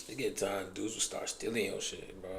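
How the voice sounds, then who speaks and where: A young man, just out of high school, telling laid-back stories in casual slang with a frequent "bro". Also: steady tone, normal speed, vocal fry. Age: recent high school graduate. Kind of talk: casual chat.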